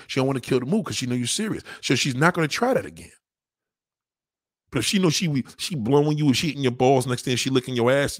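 A man's voice: medium pitch, no room sound, clean studio sound. A man doing a crude, profane stand-up routine, brash and blunt, acting out the voices of the people in his stories. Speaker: stand-up comedian.

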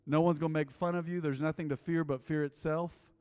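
A middle-aged man preaching as a pastor, telling a confessional story with jokes, then leading an altar call, his voice swinging from loud to hushed. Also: on the high side, fairly even intonation, a little fast, smooth, soft background music. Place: church sanctuary. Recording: long hall reverb.

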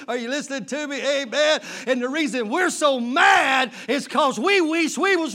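A man's voice: very high voice, fairly quick, few pauses, sharp tone. A man, a pastor, preaching a fervent sermon with call-and-response to his congregation.

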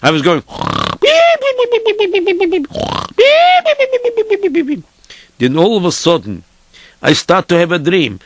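A man's voice: on the high side, lively intonation, brisk, a bit bright, no room sound. A man playing Peter, a weary, good-hearted peasant horseman, telling his story dramatically in broken English. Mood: tired. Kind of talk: theatrical storytelling.

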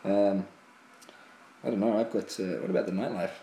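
A man co-hosts a casual podcast chat, rambling through a story with many ums. His voice sits low. It comes from an echoey room with a faint hiss behind it. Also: fairly even intonation, moderate pace, warm tone. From New Zealand. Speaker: podcast co-host.

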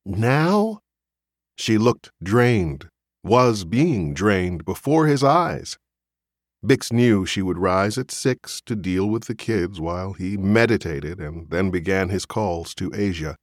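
Slow, expressive male audiobook narrator. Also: low-pitched, dry recording, clean studio sound. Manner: measured, expressive storytelling. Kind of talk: scripted literary narration.

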